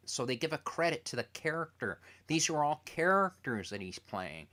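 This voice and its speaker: A man interviewing a TV creator as a fan, telling stories in an animated way and acting out quotes. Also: fairly high pitch, moderate pace, few pauses. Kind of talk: casual interview chat.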